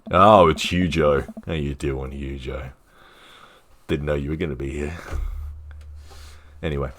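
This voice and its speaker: A man's voice: extremely low pitch, steady tone, unhurried, crowd noise. A man casually playing a dating game on stream, reading the narration and dialogue aloud with jokey asides.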